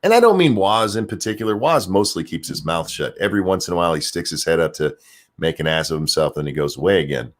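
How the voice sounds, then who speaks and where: A man's voice: sits low, animated, quick pace. A man giving casual ranting commentary as host of his own show, sarcastic and swearing freely, often repeating words as he gets worked up. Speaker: commentary streamer.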